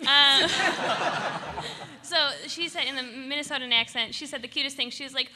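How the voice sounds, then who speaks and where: A woman moderating a live panel discussion in an animated, storytelling way. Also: high voice, normal speed. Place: convention hall stage. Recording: echoey hall with faint noise.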